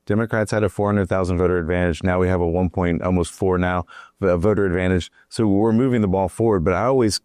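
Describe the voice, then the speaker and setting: Male interview host, low and fast-talking, matter-of-fact. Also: steady tone, darkish tone, no echo, clean studio sound. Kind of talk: political interview.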